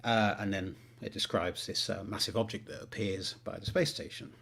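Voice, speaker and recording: A man talks about writing on a livestream, rambling with many ums. His voice is low and somewhat husky, with a self-deprecating manner. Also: fairly even intonation, moderate pace, fairly bright tone. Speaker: author. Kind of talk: livestream chat and reading aloud.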